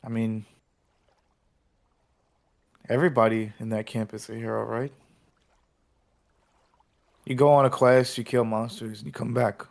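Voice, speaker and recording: A man's voice: mid-range voice, flat delivery, measured pace, vocal fry, long pauses. A man doing a laid-back camp guy. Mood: dismissive. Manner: casual, swears offhandedly.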